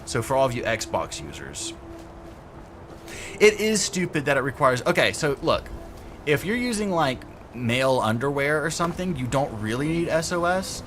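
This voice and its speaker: A man's voice: medium pitch, big pitch swings, normal speed, a bit bright, a little hiss or hum. A young adult man chatting casually on a game stream, rambling through stories and laughing often. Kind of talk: casual gameplay stream chat.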